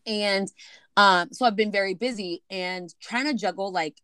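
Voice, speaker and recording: A woman co-hosting a casual chat show, telling a story in an animated way, swearing casually and acting out what people said. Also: mid-range voice, moderate pace, smooth, no echo. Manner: animated, swears casually, acts out quoted dialogue. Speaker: podcast co-host.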